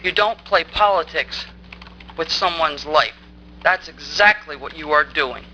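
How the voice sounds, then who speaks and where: A woman stands at a town council meeting and tears into the council, angry, accusing and insistent. Her voice is sharp and strained with force throughout. A faint hiss sits under the recording. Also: sits low, measured pace, highs cut off. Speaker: resident speaking at public comment. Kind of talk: public comment at a council meeting.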